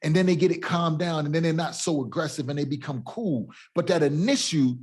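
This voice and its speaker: A man's voice: on the high side, brisk, a little mellow, breathy edge. A middle-aged man co-hosting a casual podcast, talking emphatically and streetwise, often asking if you see what he's saying. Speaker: co-host.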